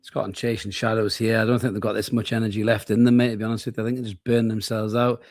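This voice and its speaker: A man's voice: on the low side, flat delivery, fast talker, darkish tone, no room sound, clean studio sound. A tired man co-hosting a late-night football watchalong, joking and swearing casually. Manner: laid-back, swearing, joking banter. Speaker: co-host of a football watchalong stream. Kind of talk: casual live match chat.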